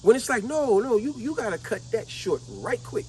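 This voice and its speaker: A middle-aged woman vlogging in a casual, emphatic way, hammering points home by repeating and drawing out her words. Her voice sits high and swoops up and down with lively energy. A faint hiss of noise runs underneath. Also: normal speed, low-quality recording. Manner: emphatic, repetitive, drawls words for effect. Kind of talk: casual commentary to camera.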